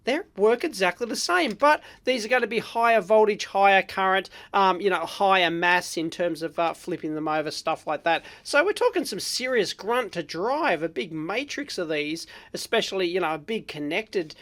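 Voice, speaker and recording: An Australian woman of middling pitch talks her way through a hands-on teardown in casual, unscripted commentary. She is blunt and excitable, with lots of exclamations and loose fillers between her thoughts. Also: moderate pace, few pauses. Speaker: electronics vlog host.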